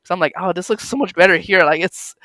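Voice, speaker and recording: A young male podcast host with a high, smooth voice rambles through encouraging questions, thick with fillers. He is recorded close and dry, with no room sound. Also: fast talker, sharp tone, no room sound, poor audio. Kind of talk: casual chat.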